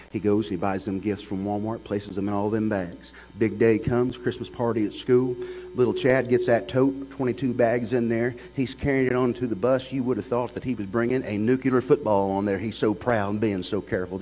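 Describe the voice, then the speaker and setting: A man's voice: fairly low pitch, a little mellow, slight background noise, poor audio. A middle-aged man, a pastor preaching a sermon as a folksy storyteller. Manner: folksy storyteller who builds to passionate preaching.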